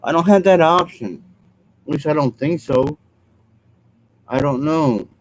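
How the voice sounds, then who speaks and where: On a rough recording with a little hiss or hum, a vlogger with a voice on the high side talks somewhat slowly. He speaks earnestly to his viewers, wandering, repeating himself, apologizing, and trailing off with ums.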